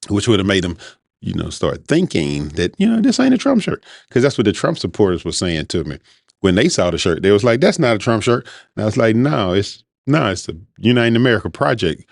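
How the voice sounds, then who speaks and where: In a clean, dry studio recording, a man with a mid-range voice hosts his podcast. He wanders through a casual, informal monologue, talking in a rambling, conversational style.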